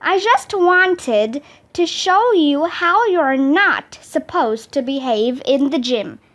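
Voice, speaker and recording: Casting: woman reading as an upbeat female gym teacher, high and bouncy. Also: expressive, slow, fairly bright tone, full character voice. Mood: chipper.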